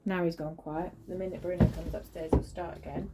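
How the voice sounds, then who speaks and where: A woman's voice: lowish voice, little pitch movement, brisk, heavy background noise. A young woman vlogging into her phone at home, frank and tired, chatting about her family. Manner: frank, weary, chatty with sudden sing-song baby talk to her children and dog. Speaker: parent vlogger. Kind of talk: casual vlog chat. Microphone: phone camera.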